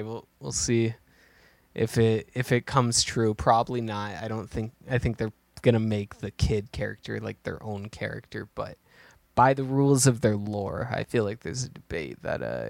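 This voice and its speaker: A man co-hosting a casual podcast, talking through his ideas with a gravelly edge. He rambles and restarts as he thinks aloud. The sound is dry and close to the mic. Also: on the low side, unhurried, no echo. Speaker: podcast co-host. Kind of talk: casual chat.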